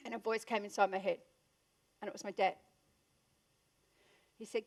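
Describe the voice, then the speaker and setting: A woman's voice: on the high side, expressive, moderate pace, pauses often, bright, forceful tone. An Australian woman giving a motivational talk to a live audience in a room, punchy and full of questions for the listeners. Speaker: motivational speaker.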